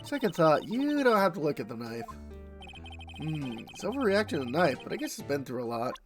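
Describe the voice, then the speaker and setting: Man, game playthrough, dry wry delivery, slightly high voice, faint music behind. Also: very animated, brisk. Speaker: game player reading all parts. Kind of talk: reading dialogue from a game playthrough.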